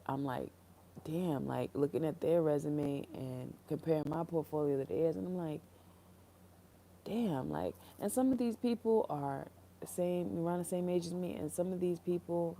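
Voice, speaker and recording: A young woman speaking alone on a livestream in a very dark, mellow voice. She sounds earnest and reflective, wandering through her thoughts with fillers and restarts while holding back tears. A faint hiss sits under her voice. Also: deep voice, normal speed. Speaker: creator on a solo livestream. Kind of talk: candid solo livestream talk. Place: room, alone.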